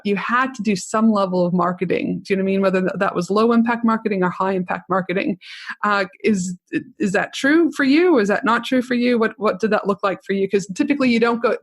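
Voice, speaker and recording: A woman's voice: mid-range voice, husky. A woman hosting a podcast interview, talking in an enthusiastic, chatty way and often asking "do you know what I mean". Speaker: podcast host. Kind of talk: conversational interview.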